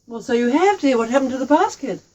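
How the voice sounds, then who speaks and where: A woman voicing a tired, gentle mother who speaks softly and wearily. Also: high voice, lively intonation, quick pace, voice pushed up, poor audio. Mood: patient.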